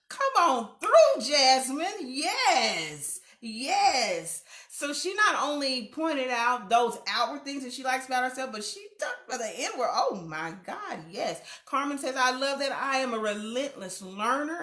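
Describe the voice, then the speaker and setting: A middle-aged woman hosts a live stream and reads viewers' comments back to them with warm encouragement and frequent laughs. Her voice is bright and forceful and sits a little high. The room around her is echoey. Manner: warm, affirming, playful, laughs often. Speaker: host of a live online talk show.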